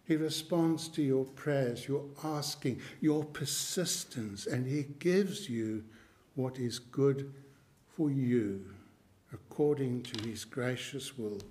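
Guy giving a sermon real slow, mid pitch, leans on phrases, clears throat sometimes. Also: darkish tone. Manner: slow, emphatic, repeats key phrases; clears his throat now and then. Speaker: preacher.

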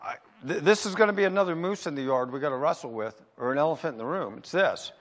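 A man preaching a sermon as pastor, asking rhetorical questions and answering them himself, slowing down to stress his points. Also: on the high side, expressive, in a large hall. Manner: emphatic, slows down to stress points.

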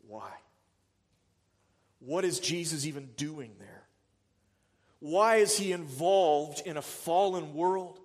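A man's voice: fairly high pitch, animated, slow, long pauses, in a large hall. A man preaching a sermon as a pastor, earnest and full of rhetorical questions.

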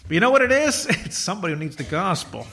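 A middle-aged man preaching a sermon, talking to his congregation as if chatting with them. His voice sits a little high for a man, and he tells jokey stories, acting out the people in them. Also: sing-song, fast, bright, forceful tone. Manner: conversational, jokey storytelling with quoted voices. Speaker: pastor.

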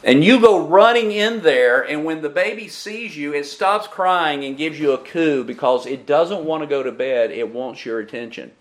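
A man's voice: high voice, fairly bright tone. A man preaching a sermon who keeps asking the congregation questions.

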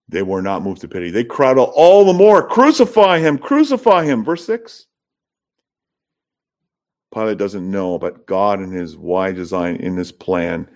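Low-voiced man preaching a sermon. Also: a little mellow. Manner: expository preaching with rising emphatic peaks. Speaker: pastor.

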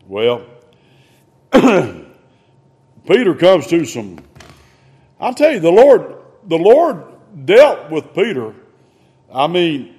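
A man preaching a sermon in a folksy, conversational way, swinging between loud emphasis and hushed asides. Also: on the high side.

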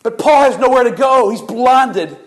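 High-voiced man preaching a sermon. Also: expressive, moderate pace. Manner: vivid storytelling, retelling scripture as narrative. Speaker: pastor.

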